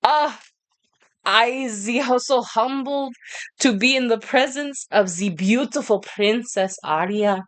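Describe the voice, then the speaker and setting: A woman voicing a foppish fairy gentleman suitor with an attempted French accent, speaking in a flowery, halting, overly courtly way. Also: a little high, pitched above the performer's own voice. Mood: fawning.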